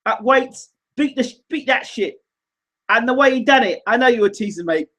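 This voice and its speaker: A man hosting a casual live show, reading viewer comments aloud in an animated, teasing, rambling way. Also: very high voice, moderate pace. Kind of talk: casual livestream chat.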